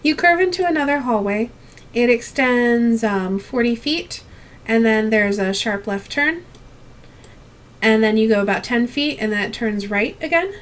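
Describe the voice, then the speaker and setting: A young adult woman narrating a tabletop game as game master, unhurried and with frequent ums. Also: fairly high pitch, expressive.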